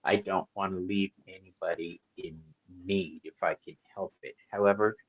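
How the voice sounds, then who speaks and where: Deep husky man, blunt and wry. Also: steady tone, normal speed, narrow, tinny audio. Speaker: host, tarot reader. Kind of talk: casual live-stream interview. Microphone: live-stream mic.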